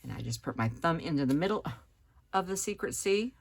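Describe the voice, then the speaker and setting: A woman with a low, gravelly voice talks through a card-making tutorial in a relaxed, chatty way. She explains each step as she works at her table, with faint tool clicks in the background. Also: brisk, noisy background. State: hiccups. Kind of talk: hands-on craft tutorial.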